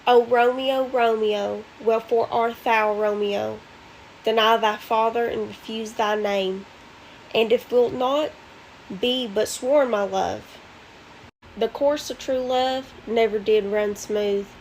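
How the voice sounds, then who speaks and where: Slow, loud Appalachian woman reciting. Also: on the high side, fairly even intonation, a little hiss or hum, rough recording. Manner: loud, theatrical, drawn-out delivery. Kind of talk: reading Shakespeare aloud.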